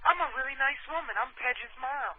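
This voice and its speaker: A man's voice: extremely high pitch, fairly quick, a loud crowd, pitched above the performer's own voice. A man putting on the voice of a drunk, slurring middle-aged woman with a nasal drawl, over a phone line. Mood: mocking. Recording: tinny phone line with faint hiss.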